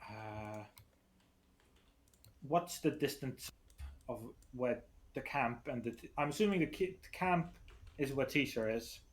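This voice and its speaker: A man with an ordinary mid-range voice plays a tabletop role-playing game. He pauses often and thinks aloud while he plans his character's actions. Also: mid-range voice. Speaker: player.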